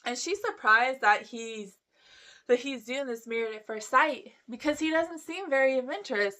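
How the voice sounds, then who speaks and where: A talkative woman recapping a reality show in a casual, gossipy way. Her voice sits a little high. She slips into playful impressions of the people she talks about. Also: moderate pace, bright, forceful tone. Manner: chatty, gossipy, acts out quotes. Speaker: recap vlogger.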